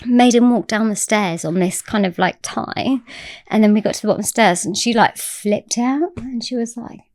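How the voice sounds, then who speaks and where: A woman's voice: fairly high pitch, moderate pace, a little mellow, dry recording, clean studio sound. A woman telling a story as a podcast guest, chatty and swearing freely. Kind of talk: casual storytelling.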